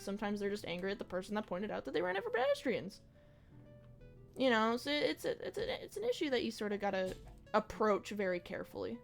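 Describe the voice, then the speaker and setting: Streaming a game, a young woman talks in a loose, meandering, thoughtful way, dropping slang and curses. Her voice sits high and sounds a bit bright.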